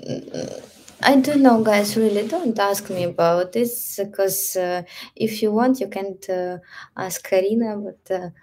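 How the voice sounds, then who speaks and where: A woman with a Russian accent chatting casually on a live stream as a stretching coach, in halting English with soft whispered asides. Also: mid-range voice. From Ukraine.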